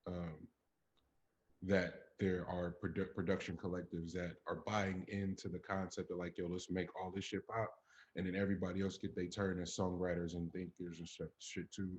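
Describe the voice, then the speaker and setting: A man co-hosting a podcast in casual chat, talking emphatically with plenty of profanity and rising to animated peaks. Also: deep voice, moderate pace, dull audio. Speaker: podcast co-host.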